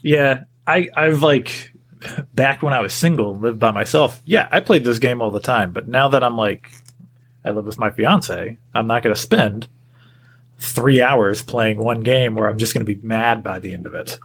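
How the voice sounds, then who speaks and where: A man's voice: medium pitch, moderate pace, fairly bright tone. A man co-hosting a casual podcast, easygoing, laughing often, with many fillers. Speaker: podcast co-host. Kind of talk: casual chat.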